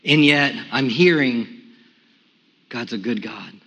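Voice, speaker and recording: Pastor guy preaching his testimony, bright voice, big echoey church hall, goes from hushed to loud. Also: slow, highs cut off. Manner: testimony builds from quiet and hushed to loud and high. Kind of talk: sermon. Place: church sanctuary.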